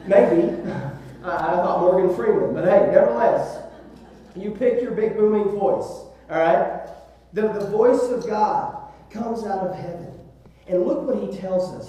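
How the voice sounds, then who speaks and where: A man's voice: high voice, dark tone. A man with a Southern US accent preaching a sermon as pastor, emphatic, repeating words and asking "right?" of his listeners. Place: church sanctuary. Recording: very echoey room, voice from a distance.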